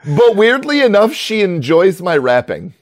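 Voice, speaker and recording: A man's voice: sits high, big pitch swings, a little slow, no echo, studio quality. A man chatting casually at a tabletop game session, joking around and bursting into rock singing impressions. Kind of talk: casual chat.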